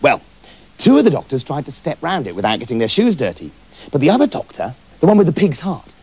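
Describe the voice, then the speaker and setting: Husky man, lively comic storyteller, giggly, slightly high voice. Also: fast. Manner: animated, giggling at his own tale.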